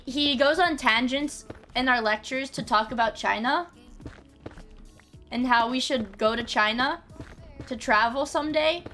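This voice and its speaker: A woman's voice: sits high, bright, forceful tone. A young woman streaming a game, chatting casually, swearing freely and often restarting her sentences. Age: young adult. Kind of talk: casual gaming livestream chat.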